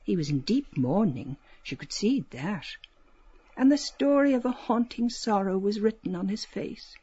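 Breathy woman reading a novel aloud. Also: mid-range voice, unhurried, no room sound, dull audio. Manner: expressive, lilting storytelling with soft hushed passages. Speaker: audiobook narrator. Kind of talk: literary audiobook reading.

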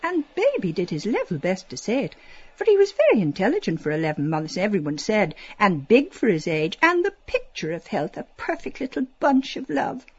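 Brief: female audiobook narrator, lively lilting delivery, breathy tone, dry dull recording. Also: mid-range voice, normal speed, dry recording. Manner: expressive, lilting storytelling with soft hushed passages. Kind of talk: literary audiobook reading.

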